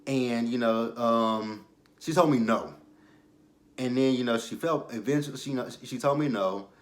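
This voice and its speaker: A young man in casual chat, recapping a reality show in a candid, rambling way that often trails off into quiet asides. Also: mid-range voice, normal speed.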